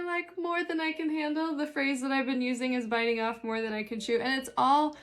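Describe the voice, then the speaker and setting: A young adult woman, a spiritual life coach, chatting casually with dry, sarcastic humor while reading tarot cards. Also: on the high side.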